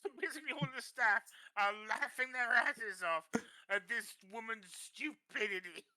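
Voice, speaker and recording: A woman's voice: a little high, normal speed, pushed and bright, poor audio. A woman casually chiming in with laughing asides to a story. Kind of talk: casual chat.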